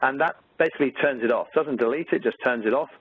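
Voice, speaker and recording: A fast-talking Australian maths teacher with a mid-range, slightly rough voice leads a webinar, walking through exam questions in a chatty, filler-laden, upbeat way. The recording is dry and tinny, like a phone.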